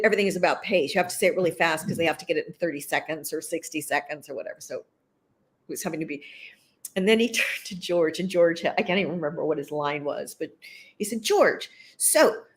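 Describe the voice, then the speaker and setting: A woman, an actress, being interviewed and chatting casually, telling animated stories and laughing often. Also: on the low side, fast talker. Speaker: actress guest.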